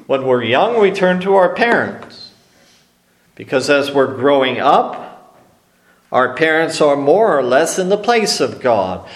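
Guy preaching a sermon, slow and emphatic, lots of echo around him. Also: on the high side, very animated. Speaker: pastor.

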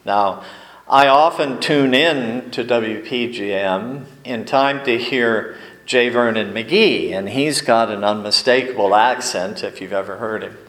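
Slow-speaking pastor in a roomy church. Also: male voice, mid-range voice, fairly bright tone. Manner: folksy storytelling with deliberate pauses. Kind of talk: sermon. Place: church sanctuary.

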